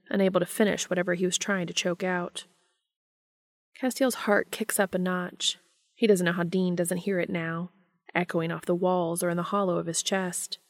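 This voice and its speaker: Woman narrator for an emotional story, low-ish voice, slow and soft. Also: no room sound, clean studio sound. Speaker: story reader.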